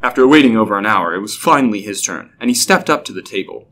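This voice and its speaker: A man narrating a scripted story in a steady, even way. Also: on the low side, fast.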